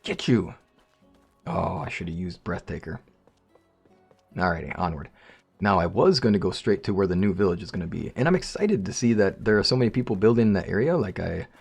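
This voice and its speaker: A man's voice: low-pitched, creaky, a little mellow, slightly rough. A man casually commenting on his game, rambling and joking with viewers. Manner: rambling, jokey, talks to viewers. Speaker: let's play host.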